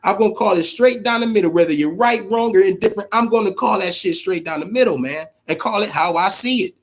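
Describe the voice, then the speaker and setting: A man's voice: high voice, fast. A man hosting a boxing podcast, talking in a loose, profane, emphatic way and repeating words as he gets going. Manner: addresses chat viewers directly. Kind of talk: casual live-stream commentary.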